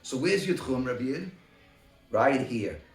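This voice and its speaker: A man leading a Talmud study group who talks through a case by acting out both sides in quick exchanges. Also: medium pitch, animated, faint music behind. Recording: roomy, from a distance.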